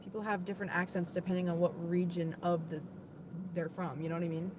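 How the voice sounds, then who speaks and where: A young woman from the southern United States talks casually to her live-stream chat. Her voice sits a little low, and she answers bluntly and defensively, with a lot of "like". There is clear background noise behind her. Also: level tone, fast talker. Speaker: livestreamer.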